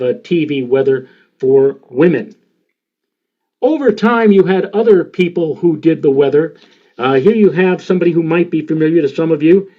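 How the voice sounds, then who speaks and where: Rambling older meteorologist with a dull lo-fi sound. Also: male voice, a little high. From New York area. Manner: rambling, with many filler sounds. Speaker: meteorologist giving a presentation. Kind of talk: storytelling presentation.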